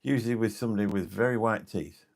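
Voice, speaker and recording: Gravelly deep-voiced English man rambling. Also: fast talker, a little mellow. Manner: rambling, forgetful, chatty, answers viewer comments. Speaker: live streamer and taxi driver. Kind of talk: late-night live stream chat with viewers.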